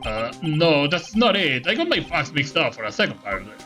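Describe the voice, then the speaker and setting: A low, gruff male detective voice, blustering and a little clumsy, as a woman puts him on for a let's-play. Game music hums behind. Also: very animated, moderate pace.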